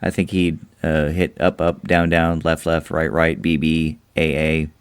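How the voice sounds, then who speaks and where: A man co-hosting a podcast, chatting casually about movies, animated and jokey. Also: extremely low pitch, a little slow, clean tone, no room sound. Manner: animated, jokey, acts out quotes. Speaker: podcast co-host. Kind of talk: casual movie review chat.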